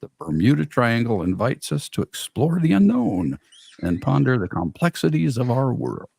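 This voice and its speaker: A gravelly man co-hosting a podcast, his low voice moving through a lively, swinging pitch. He reads his closing lines slowly and deliberately. The recording is dry and close. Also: no echo. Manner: reads a scripted outro in a slow, measured way. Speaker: podcast co-host. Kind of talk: casual chat.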